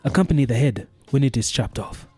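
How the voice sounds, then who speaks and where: Dude putting on a slow solemn proverb voice, dark tone, swings up and down. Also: male voice, mid-range voice, animated, husky, dry recording, soft background music. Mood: mock solemn. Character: man reciting proverbs in a put-on exaggerated accent.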